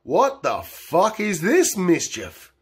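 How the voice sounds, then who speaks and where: A man's voice: high-pitched, wildly swooping pitch, takes it slowly, breathy edge, pitched above the performer's own voice, exaggerated voice. A man putting on a brash teasing policewoman. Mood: mocking.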